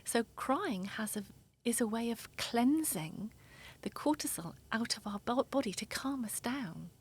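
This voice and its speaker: A woman therapist speaking in an interview, explaining emotions in a soft, earnest way. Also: on the high side, lively intonation, unhurried, breathy edge. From England. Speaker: therapist guest.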